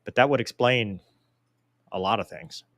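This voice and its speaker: A man's voice: on the low side, normal speed, dry recording, clean studio sound. Joking man reading viewer questions. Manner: joking, self-deprecating, animated. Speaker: host answering viewer mail. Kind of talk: casual live Q&A chat.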